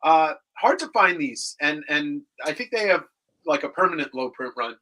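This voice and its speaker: Bright-voiced man hosting a comic sale. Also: a little high, lively intonation, moderate pace, rough recording. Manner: joking, rattles off comic listings. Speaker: comic book claim sale host. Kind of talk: casual live-stream banter and sales.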